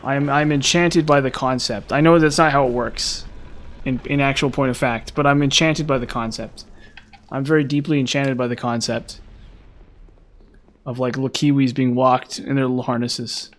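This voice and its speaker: A gaming streamer talks casually as he plays a video game, rambling with plenty of fillers and restarts. His voice holds an ordinary middle pitch with a steady tone and moderate pace.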